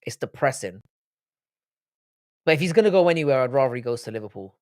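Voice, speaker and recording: A man's voice: mid-range voice, sing-song, fast talker, a little mellow, dry recording, studio quality. A young man hosting a live-stream panel, talking in casual, blunt and profane banter. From United Kingdom. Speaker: livestream panel host.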